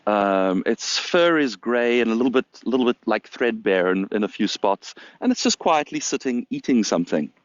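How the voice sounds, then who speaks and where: A man's voice: mid-range voice, lively intonation, moderate pace, few pauses, no room sound, highs cut off. A man, casually telling a funny story to camera, with amused, stumbling restarts. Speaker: storyteller and host.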